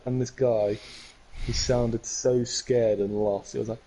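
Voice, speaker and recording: A man's voice: medium pitch, fairly even intonation, measured pace, dark tone, muffled recording. A young man co-hosting a podcast, telling a casual story with many restarts and self-corrections. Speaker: podcast co-host. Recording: noticeable background noise.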